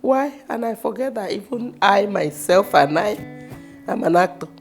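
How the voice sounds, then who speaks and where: A Nigerian actress telling personal stories in a casual, expressive way, with sudden loud bursts. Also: female voice, medium pitch, moderate pace. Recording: music playing behind the voice.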